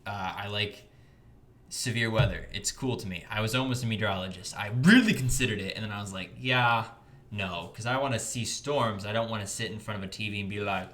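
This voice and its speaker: A man's voice: fast talker, a bit bright. A young man from the United States with a standard American accent, chatting casually on a livestream and reading out donations. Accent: General American. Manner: upbeat, jumps in pitch when greeting chatters. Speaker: livestream host.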